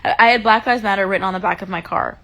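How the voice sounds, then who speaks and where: Gravelly-voiced woman ranting heatedly on a livestream. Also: mid-range voice, very fast, sharp tone. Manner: heated, emphatic, swears a lot. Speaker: livestream host. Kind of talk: casual livestream chat.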